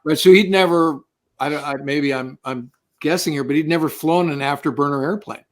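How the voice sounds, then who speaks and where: Higher-voiced male interview host. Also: fairly quick. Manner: conversational, prompting questions with restarts. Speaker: podcast host. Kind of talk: casual interview questions.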